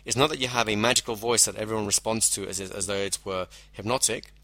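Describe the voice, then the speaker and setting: A man gives a measured lecture on hypnosis, explaining techniques step by step and slowing down to stress key phrases. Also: fairly low pitch, fairly even intonation, bright, forceful tone, no room sound. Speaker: hypnosis instructor. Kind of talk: teaching lecture.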